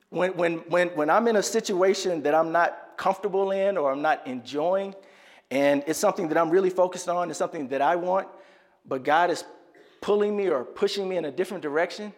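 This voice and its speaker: A man's voice: fairly high pitch, moderate pace, in a large hall. Man preaching a conversational sermon. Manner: conversational storytelling with repetitions. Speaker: pastor.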